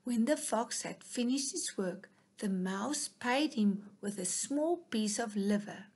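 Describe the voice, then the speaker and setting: Slow, husky woman reading a storybook. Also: a little high, animated. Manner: soft, dropping to a whisper at times.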